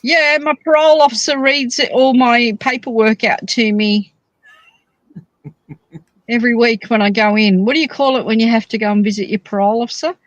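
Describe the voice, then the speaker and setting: A woman's voice: a little high, steady tone, a little fast, dry recording, lo-fi sound. A woman co-hosting a casual knitting chat, joking and teasing, talking from a parked car. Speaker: podcast co-host.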